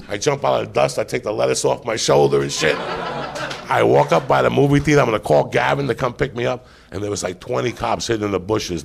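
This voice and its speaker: Gravelly-voiced guy spinning a filthy story live, cussing and cracking himself up. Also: medium pitch. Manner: animated, swearing, laughing as he tells. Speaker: podcast host. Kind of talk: profane comic storytelling. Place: live podcast stage.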